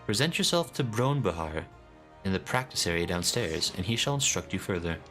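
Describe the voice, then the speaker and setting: A man's voice: sits low, lively intonation, brisk, fairly bright tone, soft background music. A man voicing a stern, formal axe guild master in a game, in a solemn, lofty reading voice.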